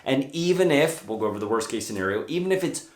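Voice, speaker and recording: A young man, a dog trainer, giving a casual, hands-on lesson with brisk explanations. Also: mid-range voice, lively intonation. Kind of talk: casual instructional talk. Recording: roomy echo.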